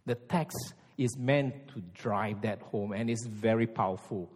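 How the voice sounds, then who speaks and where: A man preaching a sermon, emphatic and full of rhetorical questions, at times dropping to a hushed intensity. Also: mid-range voice, fairly even intonation, normal speed, few pauses, slightly rough. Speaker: pastor. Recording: long hall reverb.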